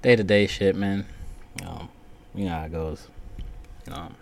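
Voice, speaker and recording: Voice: sits low, steady tone, measured pace, a little mellow. A vlogger telling a story in a casual, rambling rant full of cursing. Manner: profane, rambling.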